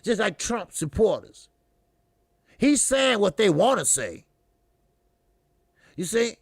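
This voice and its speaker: A man's voice: high-pitched, vocal fry, no room sound, clean studio sound. A man hosting a boxing channel, delivering a heated commentary monologue in a profane, repetitive and mocking way.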